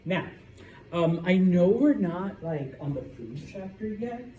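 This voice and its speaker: A man's voice: high voice, expressive, slow, warm tone, lo-fi sound. A man teaching a Spanish class, explaining grammar and often checking in with "okay?". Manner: checks in with "okay?" after each point. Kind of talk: classroom lecture. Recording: roomy classroom with faint background noise.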